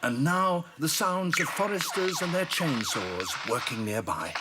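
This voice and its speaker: A man narrating a nature documentary in a hushed, measured way, played as an archive clip. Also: a little high, expressive, very noisy.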